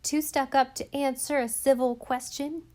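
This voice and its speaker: A woman reading aloud, voicing an indignant girl who yells and scolds. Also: high voice, fairly even intonation, moderate pace, voice pushed up, close to an everyday voice. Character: yelling, indignant harbor girl.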